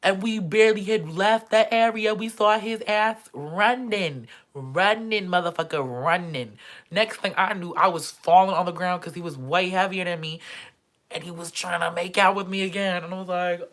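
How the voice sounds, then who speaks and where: In a storytime vlog, a young man recounts his student days abroad in a casual, profane way, doing the voices of the people in the tale. His voice sits high, fairly bright, at a moderate pace.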